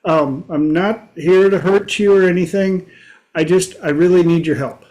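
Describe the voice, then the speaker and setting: A man voicing a pushy, smooth-talking male scorpion in a fable, coaxing and wheedling. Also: high voice, moderate pace, a little mellow, highs cut off, natural voice. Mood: pleading. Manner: wheedling, then shrugging.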